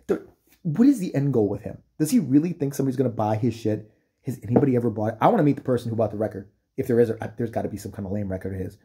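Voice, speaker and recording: A man rants into the camera for his vlog, cursing freely and mocking his subject as he goes. His voice is very dark and mellow, with a husky, slightly rough edge. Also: mid-range voice, lively intonation, very fast. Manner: profane, mocking rant with put-on impressions. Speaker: vlogger. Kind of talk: ranting commentary.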